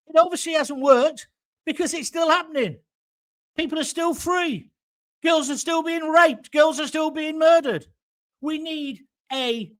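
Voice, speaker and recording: A man's voice: very high voice, a bit bright. An older man, hosting a live reaction show from his home and ranting bluntly, with plenty of swearing. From England. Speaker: host.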